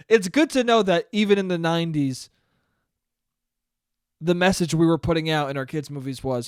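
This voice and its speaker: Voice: mid-range voice, unhurried, pauses often, clear, resonant tone, no room sound. A podcast host in a casual comedic monologue, rambling, swearing freely and laughing at their own jokes on a close mic.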